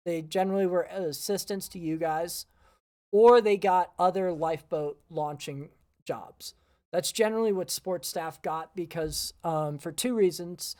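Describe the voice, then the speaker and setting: A man co-hosting a podcast, explaining his old crew duties in a relaxed, casual way. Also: high voice, unhurried. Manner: relaxed, many "um" fillers, laughs easily. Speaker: podcast co-host, former cruise ship sports staff. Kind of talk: casual storytelling chat.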